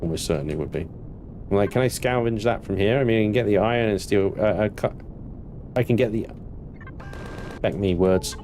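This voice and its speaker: A man with a West Country English accent giving relaxed, muttering gameplay commentary, thinking aloud as he plays. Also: lowish voice, normal speed, long pauses, a little hiss or hum. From West Country of England. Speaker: gaming youtuber.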